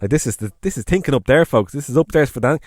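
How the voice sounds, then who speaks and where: A man's voice: medium pitch, animated, fast, darkish tone, no room sound. An Irish man co-hosting a podcast, chatting casually and enthusiastically, with lots of fillers and rambling asides. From Ireland. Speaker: podcast co-host.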